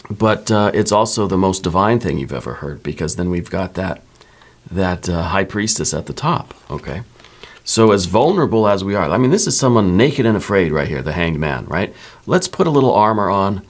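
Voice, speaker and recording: A man giving a soft-spoken tarot reading, musing in a relaxed way and often checking in with the listener. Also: low voice, moderate pace. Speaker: tarot reader.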